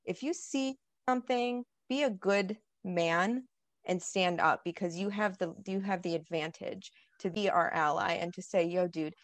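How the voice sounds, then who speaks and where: A woman's voice: mid-range voice, normal speed, dry recording. Woman co-host telling a story, dry sound. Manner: storytelling, animated retelling. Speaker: podcast co-host. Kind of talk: casual chat.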